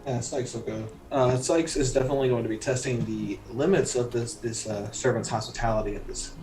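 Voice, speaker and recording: A man's voice: mid-range voice, fairly even intonation, a little fast, roomy sound, low-quality recording. A man player in a tabletop game, talking playfully and laughing easily. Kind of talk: casual tabletop play.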